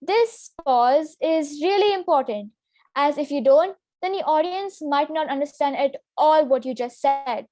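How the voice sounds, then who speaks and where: A young woman presenting a public speaking lesson in a clear, instructive way. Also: high voice, animated, a little slow, mellow, no echo, clean studio sound. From Singapore. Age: teenager. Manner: clear, instructive delivery with demonstration sentences. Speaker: student workshop presenter.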